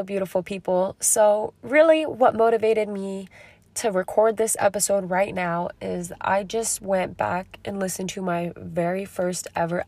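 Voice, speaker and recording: A young woman hosting a casual self-help podcast, talking fast and candidly with some swearing, her voice a little raspy from being slightly sick. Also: medium pitch, a little mellow, no echo. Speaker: podcast host.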